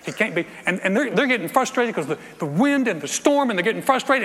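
Fast and with few pauses, a middle-aged pastor preaches in a high-pitched voice. He's animated, acting out scenes and joking with the congregation, and the church sanctuary recording is reverberant with faint ambience.

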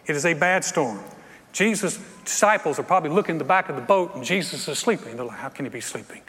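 A man's voice: on the high side, fast talker. A middle-aged man preaching a sermon, acting out scenes and joking with the congregation. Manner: animated, acts out scenes, jokes with congregation. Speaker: pastor. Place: church sanctuary. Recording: reverberant hall with faint ambience.

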